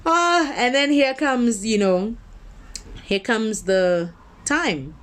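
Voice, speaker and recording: A woman minister gives a motivational talk in the style of a sermon, speaking conversationally yet emphatically, slowing to stress key words and building points through repetition. Her voice is fairly high, animated and fairly bright.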